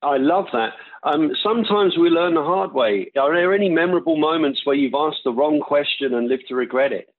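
A man hosts the interview, asking friendly and encouraging questions in a slightly higher voice. His sound comes through thin and tinny, like a phone line. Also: expressive, a little fast. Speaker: interview host.

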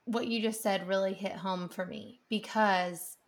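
A woman's voice: medium pitch, steady tone, a little slow, noisy background. A woman in her thirties or forties, co-hosting a podcast, telling stories in an earnest, rambling way. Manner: earnest, rambling storytelling with restarts. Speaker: podcast co-host. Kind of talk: casual chat.

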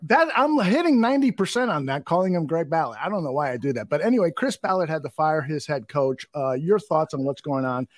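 A man's voice: a little high, animated, fairly quick, few pauses, no room sound. A man hosting a football podcast, chatting in an upbeat, storytelling way. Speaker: podcast host. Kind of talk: casual football talk.

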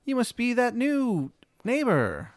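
A man's voice: extremely high pitch, huge pitch swings, slow, dry recording, clean studio sound, voice pushed up, heavily acted. A man voicing a chirpy twelve-year-old girl dressed in red who talks with small hesitations. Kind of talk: improvised comedy bit.

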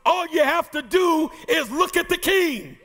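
A pastor shouts and half sings his sermon lines, dropping playful asides to the congregation. His voice is extremely high-pitched and animated, yet unhurried.

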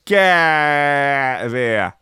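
A man's voice: medium pitch, lively intonation, drawn-out words, bright, forceful tone, clean tone, no room sound, clean studio sound, pitched above the performer's own voice, full character voice. A man putting on a Cockney accent to play a sneering, aggressive hard man who hurls sweary insults. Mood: scornful.

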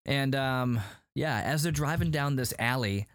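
A man hosting a casual chat, recapping a show in an animated, rambling way full of "like". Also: mid-range voice, a little slow, no room sound, studio quality. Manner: animated, rambling, heavy use of "like". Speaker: podcast host recapping a show.

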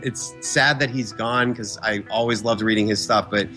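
A man's voice: lowish voice, over music. A man being interviewed about his films, chatting casually and acting out other people's words as he tells stories. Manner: fast, animated storyteller who acts out quotes. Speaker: guest filmmaker.

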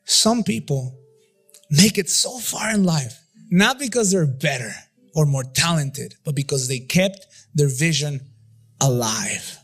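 A man's voice: a little high, lively intonation, slow pace, fairly bright tone, slightly rough. A male pastor leading a church prayer and sermon, impassioned, repeating phrases and half-singing some lines. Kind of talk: sermon and altar-call prayer. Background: instrumental music.

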